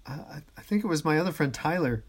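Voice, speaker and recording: Male podcast host, slightly high voice, chatty and laughing, halting storyteller. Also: lively intonation, husky. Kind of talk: casual podcast chat.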